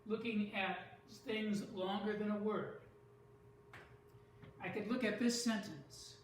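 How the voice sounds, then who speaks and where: Slow, deliberate teacher in an echoey room. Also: mid-range voice, distant mic, a little hiss or hum. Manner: slow, deliberate, stresses syllables aloud. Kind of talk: classroom lesson on poetry.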